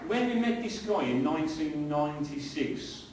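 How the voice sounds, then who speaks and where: The speaker, a middle-aged pastor, has a fairly high, expressive voice at normal speed. Preaching conversationally in a church hall, he tosses rhetorical questions to his congregation, and the distant mic picks up heavy echo and a faint hiss.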